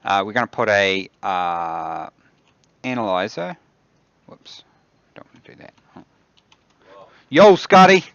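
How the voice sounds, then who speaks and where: A man's voice: sits low, slow pace, pauses often, sharp tone, clean tone, dry recording, muffled recording. A man with a New Zealand accent who hosts a game dev stream from his office, muttering to himself and thinking aloud as he builds things in the game. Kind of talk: casual livestream commentary while demoing a game.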